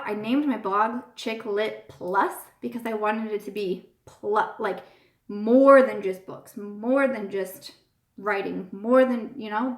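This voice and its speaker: A woman hosting a casual live-stream chat, talking in a gushing, earnest way and often repeating herself. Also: fairly high pitch. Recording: roomy echo.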